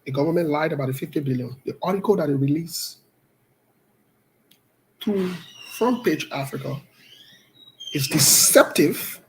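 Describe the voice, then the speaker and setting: Woman, show host, political commentary, unhurried, emphatic, direct. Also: deep voice, expressive, slight background noise, low-quality recording. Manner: deliberate, emphatic, speaks to viewers directly.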